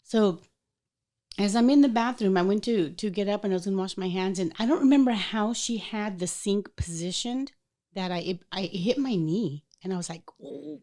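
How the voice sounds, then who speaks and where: Speaking at normal speed with a medium-pitched voice, this podcast host tells a personal story in a casual, animated way. She performs the voices of the people involved.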